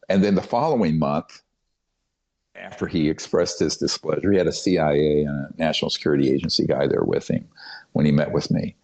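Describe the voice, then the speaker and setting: An older man with a very deep, low voice tells his story as an interview guest. He talks emphatically and conspiratorially, restarting sentences and filling pauses with "um" and "uh". The sound is a little dull and muffled, like lo-fi podcast audio. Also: creaky, darkish tone. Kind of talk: long-form interview storytelling.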